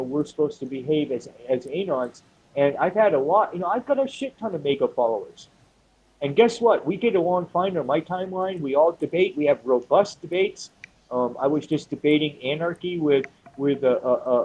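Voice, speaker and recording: Profane, emphatic man, higher voice. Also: a little mellow, slight background noise, low-quality recording. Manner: profane, emphatic, repeats words. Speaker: panel member. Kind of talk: heated panel discussion.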